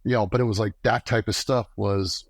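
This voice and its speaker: A middle-aged man, a guest on a podcast, telling lively stories and acting out the lines of people he quotes. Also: on the low side, a little fast, dry recording. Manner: animated storyteller acting out quoted dialogue. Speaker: podcast guest, former camera operator. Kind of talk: casual storytelling interview.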